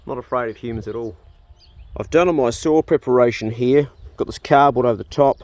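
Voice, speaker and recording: A man's voice: medium pitch, fairly quick, a little mellow, no room sound. A man with a New Zealand accent, chatting casually through a farm vlog filmed outdoors on his phone, talking to his animals as he goes. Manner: chatty, easygoing, talks to animals. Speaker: vlogger.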